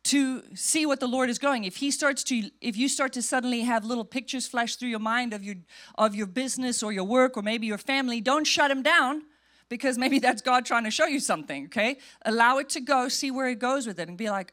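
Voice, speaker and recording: A woman pastor preaching in a lively, conversational way. Her voice sits a little high, and she drops into quick playful impressions of people in the pews. She sounds like a middle-aged speaker who mixes humor with firm instruction. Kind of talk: sermon.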